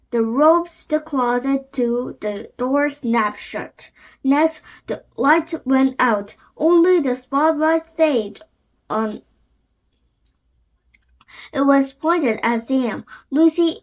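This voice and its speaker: High-voiced woman reading a storybook slowly. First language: Korean. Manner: careful, halting reading with frequent restarts. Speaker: channel host and reader. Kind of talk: reading a children's chapter book aloud.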